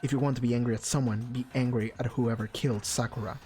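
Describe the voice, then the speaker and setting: A woman's voice: rumbling low, steady tone, quick pace, dark tone, faint music behind. A woman voicing a cold, arrogant rich teenage boy in a video game, speaking in a condescending way.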